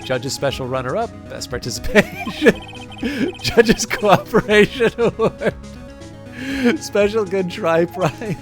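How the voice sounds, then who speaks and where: Bemused young lawyer, read by a Canadian man, dry asides, gravelly, game music behind. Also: medium pitch, sing-song, normal speed. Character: young male lawyer, baffled and wry.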